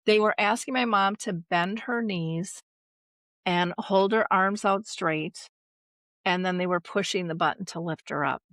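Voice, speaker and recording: A woman's voice: mid-range voice, a little slow, fairly bright tone, no echo. A middle-aged woman, a dementia care advocate, earnestly recounting a personal family story with emotion and a few restarts.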